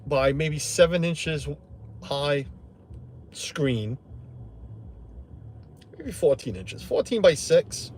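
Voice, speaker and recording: A man's voice: a little high, expressive, drawn-out words, pauses often, a little mellow, a little hiss or hum. A middle-aged man hosting a live stream from inside his truck, rambling casually and greeting viewers by name.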